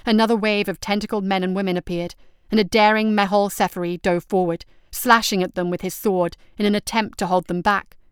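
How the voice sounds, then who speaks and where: A woman's voice: medium pitch, steady tone, fairly quick, clear, resonant tone, no echo, clean studio sound. A woman reading out an action story as narrator, telling it steadily and vividly.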